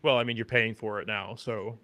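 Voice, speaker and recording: A man co-hosting a podcast, explaining things in a relaxed, matter-of-fact way. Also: fairly low pitch, brisk, dry recording. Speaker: podcast co-host. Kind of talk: casual explaining.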